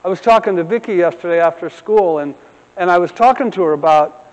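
Middle-aged male pastor, humorous sermon storyteller; high voice, dull lo-fi sound. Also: a little fast, big-room sound. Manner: humorous storytelling, animated asides. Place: church sanctuary.

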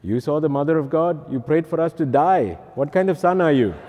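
A man voicing an indignant Indian parent with a put-on, rough Indian accent, scolding reproachfully. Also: fairly high pitch, expressive, brisk, a little mellow, a little hiss or hum, pitched above the performer's own voice, lightly acted. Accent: put-on Indian accent, admittedly poor. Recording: long hall reverb.

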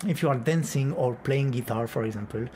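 A man's voice: medium pitch, fairly quick, warm tone, slight background noise. Man teaching flamenco rhythm. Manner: counts beats aloud and chants rhythm syllables; plain explanatory talk with occasional Spanish words. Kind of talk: rhythm lesson with counting and vocal syllables.

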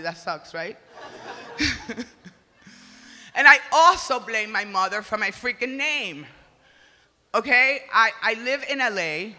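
A woman from the Republic, doing a crude, loud stand-up comedy set and shouting her punchlines. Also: fairly high pitch. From Dominican Republic. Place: comedy stage before an audience. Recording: reverberant live venue, faint ambience.

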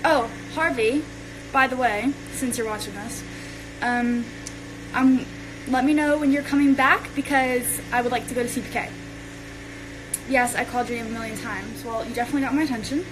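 A woman's voice: a little high, normal speed, noisy background. A young woman chatting casually on a phone livestream while she tidies her bedroom, rambling from one thing to the next. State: out of breath. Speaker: social media creator.

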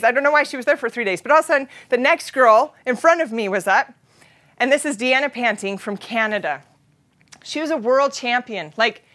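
A woman in her thirties from Utah giving an animated storytelling keynote, acting out voices and sound effects. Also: a little high. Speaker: keynote speaker.

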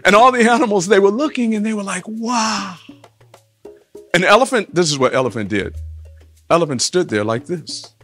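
A man telling a folktale to listeners, with rhythmic refrains and big shifts in pitch and volume. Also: animated, brisk, a bit bright, faint music behind. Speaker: storyteller.

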